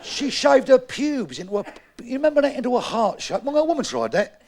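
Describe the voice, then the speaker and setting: A man with a London Cockney accent doing a bawdy live stand-up routine, with a gravelly voice and punchy, brash delivery. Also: very high-pitched, big pitch swings, a little fast, background noise. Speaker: stand-up comedian. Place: comedy club stage. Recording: live club recording with crowd. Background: audience murmur and laughter.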